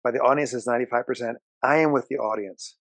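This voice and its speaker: A man with a gravelly, mid-pitched voice co-hosts a casual movie review chat. He sounds opinionated and enthusiastic. The room is dry with almost no echo. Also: fast. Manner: opinionated, enthusiastic, fillers and restarts.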